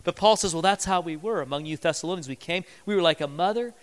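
A man's voice: a little high, quick pace, smooth, long reverb tail. A man preaching a sermon in a church, talking conversationally and acting out little quoted scenes. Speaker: pastor.

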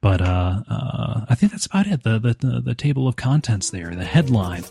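A man hosting a casual gaming podcast, talking in a halting way with many fillers and restarts. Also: medium pitch, very animated, creaky. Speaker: podcast host.

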